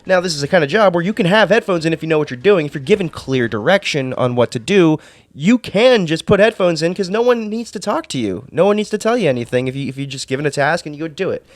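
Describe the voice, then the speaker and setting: A man vents about his job in a loose, rambling storytime rant, cursing and restarting sentences as he gets worked up. His voice sits a little high, and the sound is dry and close. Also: animated, fast talker, no room sound, faint music behind. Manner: exasperated, profane, rambling with restarts. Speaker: vlogger. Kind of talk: casual ranting storytime.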